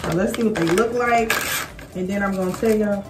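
A woman, chatting casually to camera in a vlog, a bit out of breath, with lots of fillers and animated quoted voices. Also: medium pitch, brisk, distant mic, rough recording. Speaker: vlogger. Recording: voice a little off-mic, faint music.

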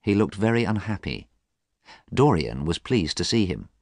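A man narrating a storybook in a careful, measured way for learners. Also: deep voice, very animated, darkish tone, no room sound, studio quality. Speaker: audiobook narrator.

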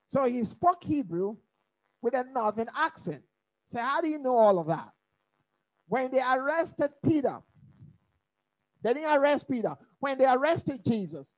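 A woman teaching a Bible study in preaching style, lively and humorous, asking the listeners to fill in her words. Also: high-pitched, poor audio. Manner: rhetorical call-and-response questions; lively, humorous, mimics accents.

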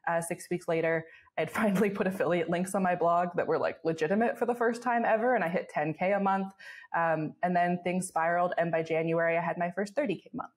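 A woman's voice: fairly low pitch, fairly even intonation. A young woman in her twenties, a podcast guest telling stories in casual chat, filler-heavy and laughing often. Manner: fast storytelling with many fillers and laughs. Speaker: guest, travel blogger.

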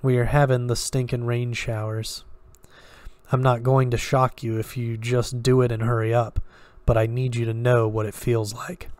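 A man reading the lines of a cold, threatening man who holds an empty gun, in a low, quiet, menacing way. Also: little pitch movement, normal speed, dry recording, lightly acted. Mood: coaxing.

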